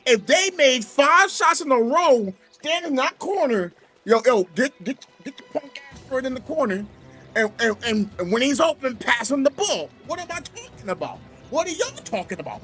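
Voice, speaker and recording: A man streaming from home, telling a gaming story in an animated, exasperated way. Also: very high-pitched. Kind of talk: casual livestream rant.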